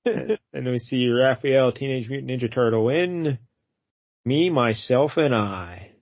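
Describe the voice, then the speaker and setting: A man's voice: medium pitch, measured pace, no echo, lo-fi sound. A man co-hosting a casual comic book review show, laid-back and laughing often as he recaps the story. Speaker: podcast co-host.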